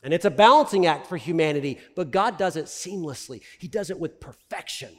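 A middle-aged pastor delivers a sermon in a high, lively voice. His preaching swings from loud emphasis to hushed asides. The sound carries a long reverb from a large hall. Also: fairly quick.

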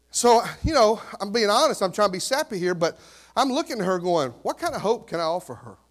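A man in his fifties preaching a sermon as pastor, animated and conversational, full of rhetorical questions. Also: high-pitched.

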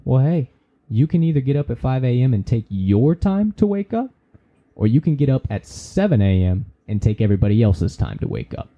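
A man's voice: mid-range voice, sing-song, fairly quick, mellow, dull audio. A man hosting a podcast, giving a casual, preachy motivational talk with folksy slang and the odd swear word. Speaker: podcast host.

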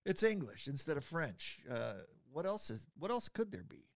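A man with a somewhat high-set voice reads out random trivia on a comedy podcast. He teases his partner and giggles often. The recording is dry and close. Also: sing-song, moderate pace, dry recording. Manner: playful, teasing, giggly. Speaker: podcast co-host. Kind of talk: casual comedic chat, reading trivia.

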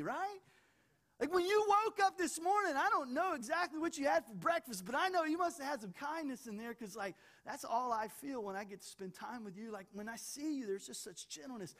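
Male pastor, sermon delivery, animated, joking asides, repeats words for build. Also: extremely high pitch, fairly quick.

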